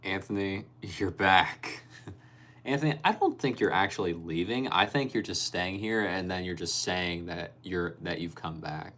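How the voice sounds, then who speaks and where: A man's voice: sits low, measured pace, pushed and bright. A young man hosting a casual livestream, reading viewer comments aloud and laughing often. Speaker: livestream host reading chat. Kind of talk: casual live-stream chat.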